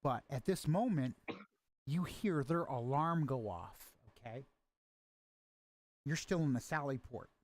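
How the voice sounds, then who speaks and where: A man narrating as game master of a tabletop game, halting with many restarts and fillers. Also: medium pitch, lively intonation.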